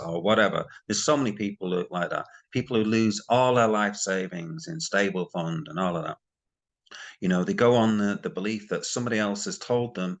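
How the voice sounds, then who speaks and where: Speaking to his subscribers on camera, a man who makes crypto commentary videos rambles in exasperation about online schemes. He has a lowish voice and talks a little fast.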